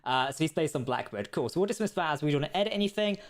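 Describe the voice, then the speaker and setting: A man's voice: a little high, expressive, very fast. A man hosting a livestream of a video game, chatting casually and laughing often. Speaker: community manager hosting a livestream.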